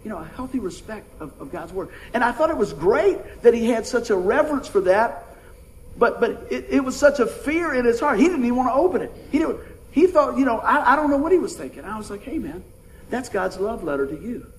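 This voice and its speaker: A man's voice: very high-pitched, big pitch swings, brisk, poor audio. A middle-aged man preaching a sermon in a folksy, conversational way, calling out to his congregation. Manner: folksy, conversational preaching with audience call-outs. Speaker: pastor.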